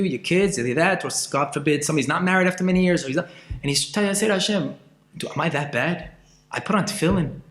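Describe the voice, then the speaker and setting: A man teaches Torah with passion, his high voice leaping and dropping as he asks question after question. He goes from loud outbursts to quiet asides, and the room around him rings with echo. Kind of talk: Torah class.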